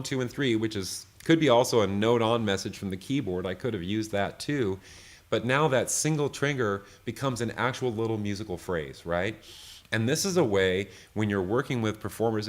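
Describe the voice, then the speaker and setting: A man giving a live online software tutorial, loose and chatty, often checking in with "right?". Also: on the low side. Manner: loose, full of fillers and restarts. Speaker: software creator teaching a session.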